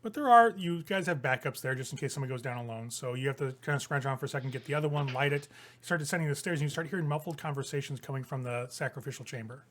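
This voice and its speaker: A man's voice: medium pitch, rapid-fire, a bit bright. A man running a tabletop game as game master, describing scenes casually and loosely.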